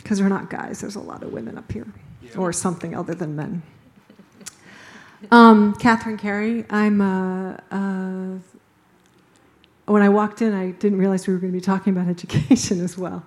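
A woman's voice: mid-range voice, fairly even intonation, moderate pace. A woman speaking casually and spontaneously as a panel participant, laughing often between phrases.

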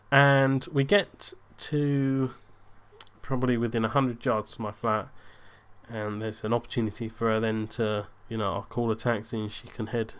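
A man's voice: medium pitch, clean tone. A young man telling a casual anecdote, rambling and correcting himself, livening up when quoting himself. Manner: rambling, self-interrupting, animated in quoted bits. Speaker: storyteller.

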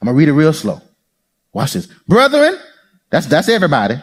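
A man's voice: fairly high pitch, brisk, slightly rough. A man preaching a sermon as pastor, calling out to the congregation and acting out voices. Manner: animated preaching, calls to the congregation, acts out voices.

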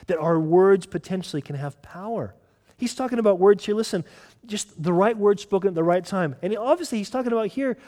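A man from Southern California preaching a sermon as pastor, earnest, swinging between loud emphasis and soft, slow asides. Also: high voice, in a large hall.

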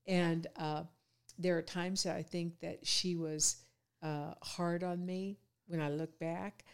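A woman in her fifties, a podcast guest, talking reflectively in a casual conversation and often pausing with fillers. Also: lowish voice, flat delivery, clear, resonant tone. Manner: reflective, many fillers and restarts.

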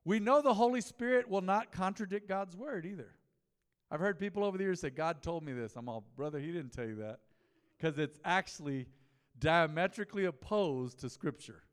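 A man's voice, slightly high-pitched, fills a reverberant church sanctuary during an easygoing mid-week sermon. The pastor speaks at a normal pace, conversational and story-driven, and keeps asking his listeners questions.

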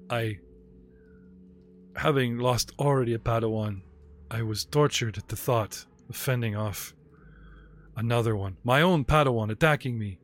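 A man's voice: medium pitch, natural voice. A man voicing a despairing fallen alien Jedi master who is caged, bitter, self-pitying and prone to swearing. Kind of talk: tabletop role-play character voice.

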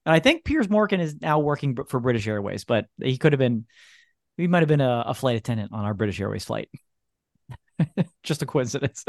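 A man's voice: mid-range voice, very animated, brisk, no room sound, clean studio sound. A man co-hosting a casual podcast, telling stories in an easygoing way and laughing often. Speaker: podcast co-host.

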